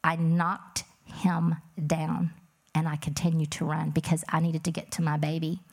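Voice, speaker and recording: A woman's voice: deep voice, level tone, moderate pace, darkish tone, breathy edge. A woman telling a personal testimony about her son, earnest and plain-spoken, with many fillers. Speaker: mother telling her story.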